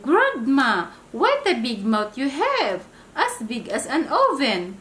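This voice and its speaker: A woman voicing an eager, obedient little girl in a bedtime story, high and earnest. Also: lively intonation, takes it slowly, reverberant, slight background noise. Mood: alarmed.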